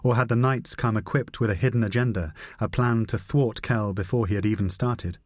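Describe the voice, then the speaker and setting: Guy narrating an audiobook, lowish voice, steady dry read, no room sound at all. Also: brisk, no echo. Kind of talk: scripted narration.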